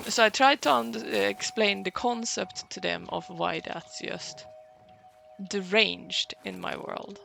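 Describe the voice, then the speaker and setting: A young woman streamer chatting casually, sarcastic, swearing freely and often clearing her throat. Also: medium pitch, noisy background. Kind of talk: casual livestream chat.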